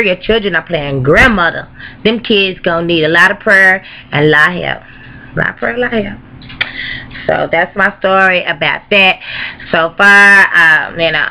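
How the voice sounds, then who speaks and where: A woman's voice: deep voice, sharp tone, rough recording. A woman telling a comic story in a brash, profane, gossiping way. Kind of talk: comedic storytelling vlog.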